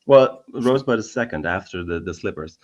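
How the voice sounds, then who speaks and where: A man's voice: deep voice, expressive, a little fast. A man co-hosting a casual chat, telling trivia stories with lots of fillers and restarts. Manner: rambling anecdotes with many fillers. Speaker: podcast co-host. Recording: dull lo-fi sound.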